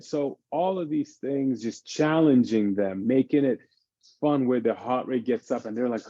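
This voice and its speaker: Male fitness expert, mellow tone, lively explainer, slightly lo-fi call sound. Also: mid-range voice, unhurried, no echo. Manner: animated, explains by acting out his kids' games. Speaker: fitness expert on a parenting panel. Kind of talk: casual panel discussion.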